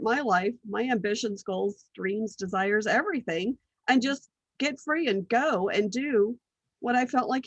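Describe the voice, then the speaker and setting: A middle-aged woman with a slightly high voice, a business strategist guesting in a casual interview, tells animated stories about her life. She mimics other people's lines and laughs frequently, on a dry recording with the highs cut off.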